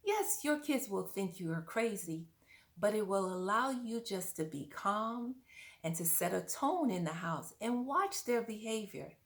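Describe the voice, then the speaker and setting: A woman's voice: mid-range voice, lively intonation, a little slow. Woman parent coach, earnest and coaching, speaks straight to the viewer. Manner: earnest, coaching, asks the listener questions. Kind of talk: direct-to-camera parenting advice.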